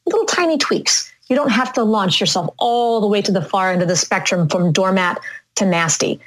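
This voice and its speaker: Woman speaking coach, slow and deliberate. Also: medium pitch, steady tone, low-quality recording. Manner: demonstrates vocal inflections, slow and deliberate. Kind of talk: conversational interview.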